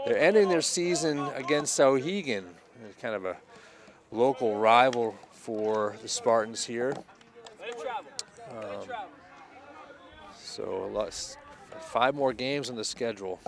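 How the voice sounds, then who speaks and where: A man with a fairly low voice handles play-by-play for a local baseball broadcast. His delivery is easygoing and conversational, and he fills the time between pitches with friendly chat. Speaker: play-by-play announcer.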